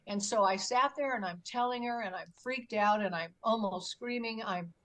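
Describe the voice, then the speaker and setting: A woman's voice: a little high, normal speed, low-quality recording. Older woman telling a vivid story. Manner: animated storyteller who acts out her own quotes. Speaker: guest, UFO experiencer. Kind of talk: storytelling interview.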